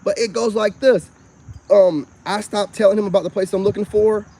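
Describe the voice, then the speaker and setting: A man, rambling through a personal story in a casual, animated monologue. He keeps coming back to "you know what I'm saying". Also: high voice, normal speed. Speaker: self-styled spiritual vlogger.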